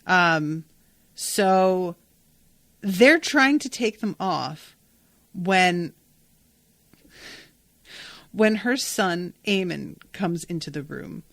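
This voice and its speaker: A woman's voice: on the low side, lively intonation, drawn-out words, gravelly, long pauses, a bit bright, dry recording. A woman hosting a podcast and recapping a TV episode in a casual, gushing way, and she swears freely. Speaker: podcast host.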